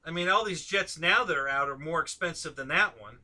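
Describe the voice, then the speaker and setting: A man's voice: fairly high pitch, brisk, bright, forceful tone. A man hosting a casual live stream chat, talking easily, laughing often and asking his guests questions.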